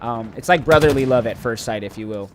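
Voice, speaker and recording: Male game streamer, mid-pitched voice, earnest and emotional, rambling chat, faint gunfire behind. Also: brisk, background noise. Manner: earnest, emotional, rambling with many fillers and restarts. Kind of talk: casual chat to live chat while gaming.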